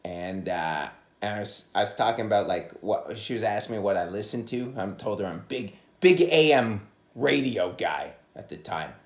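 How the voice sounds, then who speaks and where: A man's voice: on the low side, animated, normal speed, reverberant. A man, a stand-up comedian, rambling through a profane solo podcast monologue, recorded on a phone propped against a coffee cup. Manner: profane, rambling, jumps into loud impressions.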